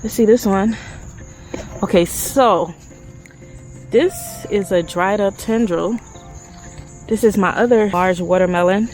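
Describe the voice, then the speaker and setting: A woman chatting excitedly to her viewers as she walks through her backyard garden. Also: medium pitch, takes it slowly, long pauses, faint music behind, low-quality recording. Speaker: garden vlogger. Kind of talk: casual garden vlog.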